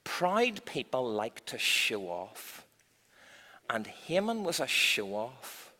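Bright, animated man leading a children's Bible talk in an echoey church hall. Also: mid-range voice, slow pace. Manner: animated, expressive storytelling.

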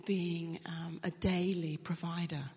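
A woman's voice: lowish voice, flat delivery, takes it slowly, a little mellow, in a large hall. A woman singer telling a personal faith story in an earnest way, dropping to a near whisper at the most emotional moments. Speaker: Christian singer.

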